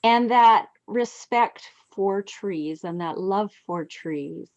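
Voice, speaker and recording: A woman in her sixties telling heartfelt personal stories as a guest, reflective and expressive, on a dull lo-fi recording. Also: slow pace. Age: 60s. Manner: heartfelt, reflective, lively swings in pitch. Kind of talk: personal storytelling.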